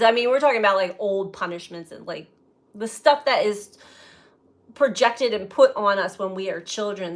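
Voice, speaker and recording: A woman tarot reader reflecting aloud in a slow, musing way, often breaking into light laughter. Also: medium pitch, fairly bright tone. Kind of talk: spiritual reflection to camera.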